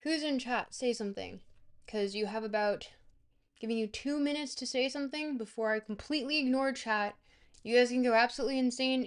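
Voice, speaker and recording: A woman's voice: a little high, clear, resonant tone. Chatty woman streamer joking with chat. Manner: rambling, jokey, talks straight to chat. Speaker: livestream host. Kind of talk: casual livestream chat.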